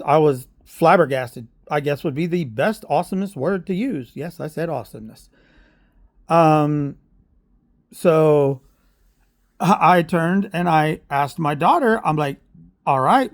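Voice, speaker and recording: Upset man, fairly high voice, dry close recording, rambling vlog rant. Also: takes it slowly, no room sound. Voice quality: emotional, openly aggrieved. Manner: heated, rambling, self-correcting. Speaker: parent telling a story. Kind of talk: casual vlog monologue.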